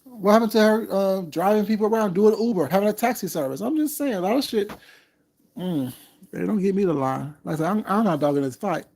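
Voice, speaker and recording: A man's voice: high voice, expressive, fairly quick, gravelly, darkish tone. A man hosting a casual livestream, talking in a sassy, drawling way and calling his listeners baby. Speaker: livestream commentator.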